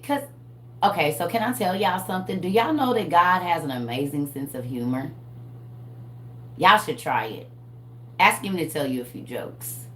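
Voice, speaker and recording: A woman in her forties talks to her viewers about her faith in a loose, spoken-sermon way. She is animated, laughs a lot and keeps calling them y'all. Her voice sits at an ordinary pitch, and the room gives it a roomy echo. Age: 40s. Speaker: vlogger sharing faith. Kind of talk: casual spoken preaching to viewers.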